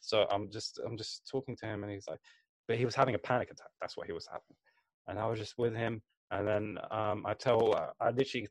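Young man, low voice, dry close sound, rambling casual storyteller. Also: dry recording. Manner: rambling storyteller, lots of fillers and restarts. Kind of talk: casual chat.

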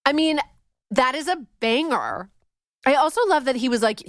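A Canadian-born woman hosting a podcast, talking in an animated, playful, theatrical way. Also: high-pitched, normal speed. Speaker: podcast host. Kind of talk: casual podcast chat.

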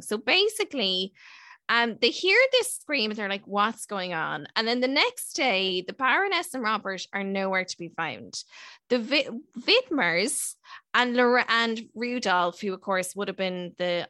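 A woman in her thirties hosting a podcast, telling a story in a chatty, self-mocking way with quick asides. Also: medium pitch, big pitch swings, sharp tone, dry recording, clean studio sound. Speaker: podcast host. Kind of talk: casual chat and storytelling.

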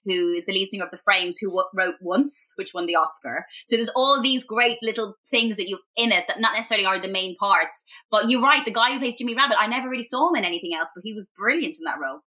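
An Irish woman in her thirties chats away on a podcast, her voice bright and forward. She tells stories with lively energy and lots of fillers. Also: mid-range voice, fast talker, few pauses. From Ireland. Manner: chatty, animated storytelling with many fillers. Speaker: podcast guest. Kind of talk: casual chat.

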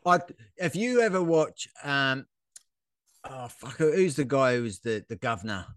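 A man's voice: mid-range voice, expressive, measured pace, fairly bright tone, clean tone, no room sound. A blunt man, telling a fight story in casual podcast chat and swearing freely. His voice sits in a middle register. The sound is dry and close. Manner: blunt, swears freely, acts out quotes with energy. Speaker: podcast co-host, gym owner and fighter.

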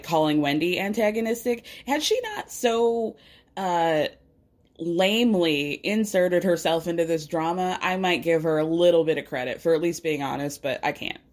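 A woman giving a casual, opinionated recap of a reality TV episode, animated as she retells the drama. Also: lowish voice. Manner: opinionated, animated retelling with frequent laughs and sighs.

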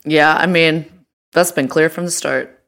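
Chatty low-voiced woman podcast host. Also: fairly even intonation, creaky, a bit bright. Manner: chatty, halting, lots of fillers and restarts. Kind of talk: casual chat.

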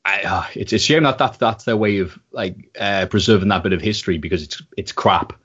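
A British man, a podcast guest, chatting casually and swearing freely as he tells animated stories. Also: lowish voice, brisk, husky. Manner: animated storyteller, swears, slips into impressions. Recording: slightly muffled audio.

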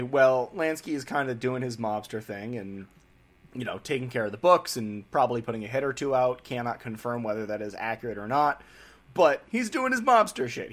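A man's voice: medium pitch, fairly bright tone. Young male host, casual irreverent storyteller, lots of swearing. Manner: irreverent, profane, joking. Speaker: podcast host.

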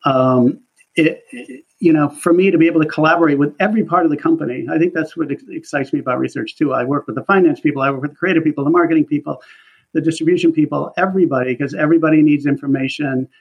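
A man working in market research, telling career stories in a relaxed interview, chatty and full of fillers. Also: fairly high pitch, fast, gravelly, husky. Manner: chatty, animated storytelling with laughs and many fillers. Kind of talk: casual interview conversation. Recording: dull lo-fi audio.

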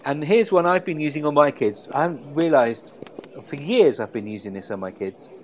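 A man co-hosting a podcast, chatting casually and telling stories with a relaxed, relishing delivery. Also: fairly high pitch, moderate pace, low-quality recording. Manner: relaxed storytelling, savoring quotes. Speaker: podcast co-host. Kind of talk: casual chat.

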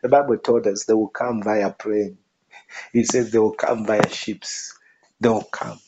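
A man's voice: lowish voice, fairly even intonation, measured pace, highs cut off, noisy background. A man preaching a sermon, emphatic, repeating his phrases for effect.

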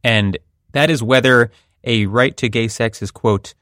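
A man's voice: medium pitch, measured pace, a bit bright, no room sound, studio quality. A man hosting a podcast, explaining a court ruling in a wry, conversational way. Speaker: podcast host. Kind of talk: legal analysis chat.

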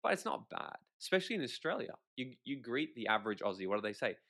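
A man, a podcast guest, telling stories in a lively conversational way, swearing casually and acting out quotes. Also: medium pitch, fast talker. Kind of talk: animated conversational storytelling.

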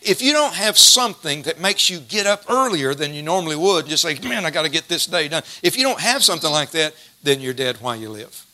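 A middle-aged man preaching a sermon, folksy and storytelling, slowing down to stress scripture verses. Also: a little high, animated, sharp tone.

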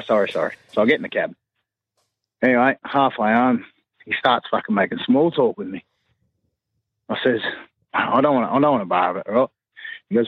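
Man, sweary crude anecdote, husky voice, dull dry recording. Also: mid-range voice, expressive, no room sound. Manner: crude, swearing storyteller doing quick voices.

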